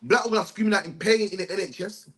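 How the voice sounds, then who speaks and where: High-voiced emphatic man teaching. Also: quick pace, fairly bright tone. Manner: emphatic, tags sentences with "man". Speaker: religious teacher. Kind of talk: bible study lecture.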